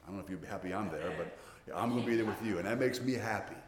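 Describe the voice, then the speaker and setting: Older pastor preaching in a reverberant hall. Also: male voice, fairly low pitch, quick pace, crowd noise. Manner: earnest, repeats words while preaching. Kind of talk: sermon. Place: church. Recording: roomy church hall reverb.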